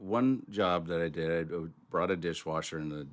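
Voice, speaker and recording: A man's voice: sits low, normal speed. A man co-hosting a casual podcast, telling a story and swearing freely. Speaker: co-host.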